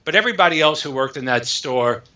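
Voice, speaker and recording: Bright-voiced man telling a story. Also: a little high, fast talker. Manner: animated storyteller acting out dialogue. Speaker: author guest. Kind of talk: storytelling interview. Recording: echoey, dull lo-fi sound.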